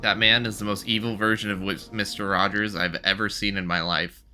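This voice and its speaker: A man playing a tabletop game, joking and excitable. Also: lowish voice, a little fast, over music. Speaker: player. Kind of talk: casual tabletop game chat.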